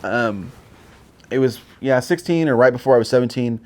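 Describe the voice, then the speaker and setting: A man's voice: mid-range voice, moderate pace, darkish tone. A man in his forties, a Marine veteran guest, telling his story casually with lots of swearing and filler words. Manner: profane, rambling, with many fillers.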